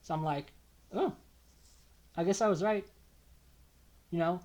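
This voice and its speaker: A man's voice: lively intonation, measured pace, vocal fry. A young man telling his own story to camera in an emotional, swearing rant. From Canada. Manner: emotional, ranting, swears often, big swings in pitch and loudness. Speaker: vlogger. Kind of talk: confessional monologue to camera.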